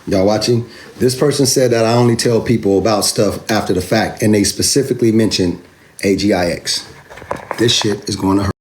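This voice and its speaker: A man's voice: fairly low pitch, steady tone, brisk, slight background noise. A man hosting a crypto video, talking straight to the camera in an emphatic, repetitive, taunting way as he answers a viewer. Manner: addresses a commenter directly. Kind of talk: animated direct-to-camera rebuttal.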